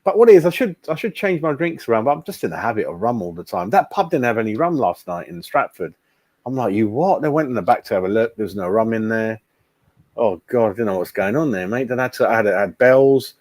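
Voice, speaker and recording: A man's voice: fairly low pitch, very animated, quick pace, darkish tone, dry recording. Casual male host, blunt rambling chat, dry close mic. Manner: blunt, chatty, keeps saying mate. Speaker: fan channel host. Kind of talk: casual live-stream chat.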